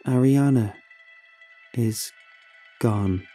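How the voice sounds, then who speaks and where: An eerily calm young man who talks softly, with something wrong beneath the surface, as a male narrator voices him. His voice is dark, quiet and husky. He delivers each word slowly and deliberately. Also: medium pitch, faint music behind. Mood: eerie calm. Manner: soft-spoken.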